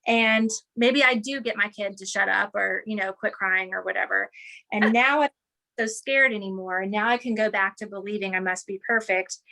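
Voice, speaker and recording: Bright-voiced woman explaining with energy. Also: mid-range voice. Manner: animated, teacherly, checks in with "right?" and "okay". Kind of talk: explanatory interview talk.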